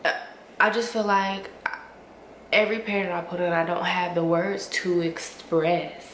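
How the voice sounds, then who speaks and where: A woman's voice: lowish voice, level tone, a bit bright. A woman, gushing playfully to camera in a casual haul review, a bit sniffly from allergies. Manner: gushing, playful, drawn-out hums and slangy asides. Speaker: beauty and fashion vlogger. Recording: roomy echo with faint ambient noise.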